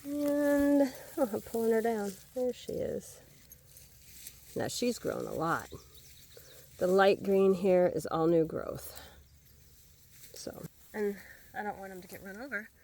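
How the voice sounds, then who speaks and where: A woman's voice: mid-range voice, lively intonation, slow, pauses often, mellow. A woman vlogging casually as she walks a wet hay field, thinking aloud and calling to her dogs. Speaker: homesteading vlogger. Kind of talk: casual walking vlog. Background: dogs and rural outdoor sounds.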